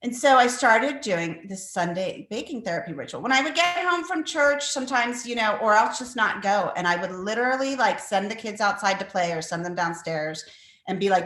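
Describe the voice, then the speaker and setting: A woman's voice: medium pitch, brisk, a bit bright, reverberant. A middle-aged woman, a cookbook author, answering interview questions in a rambling, chatty way full of fillers, over a video call.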